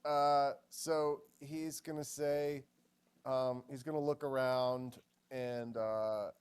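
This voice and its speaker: A man at a tabletop game table, drifting through his turn slowly and hesitantly. He fills the gaps with ums and uhs and speaks in a middling voice that sounds dry and close. He talks in a casual, easygoing way. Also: medium pitch, fairly even intonation, a little mellow, clean tone, no echo. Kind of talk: casual table talk while playing a character.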